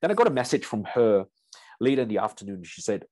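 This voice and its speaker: A man's voice: fairly low pitch, big pitch swings, fast, mellow, dry recording. A man giving a seminar lecture as a strength coach, telling a story about a client to his audience. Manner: storytelling, addresses audience as "you guys".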